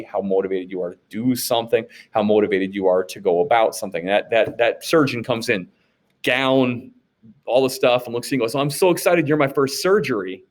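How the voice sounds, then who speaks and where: A man from the United States teaching a class in a casual, conversational way, often asking rhetorical questions and checking in with "okay?". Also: fairly low pitch. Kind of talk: recorded classroom lecture recap.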